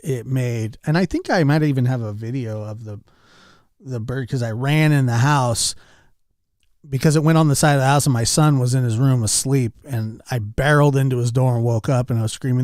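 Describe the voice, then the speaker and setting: A man's voice: medium pitch, fairly quick, darkish tone, no room sound, studio quality. A man chatting casually with his stream chat, telling rambling anecdotes and calling out viewers by name. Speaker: livestreamer.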